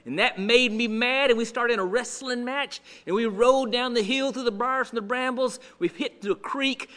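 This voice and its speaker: A man's voice: extremely high pitch, fairly bright tone. A man voicing a battered male Baptist preacher in a joke, proud and folksy.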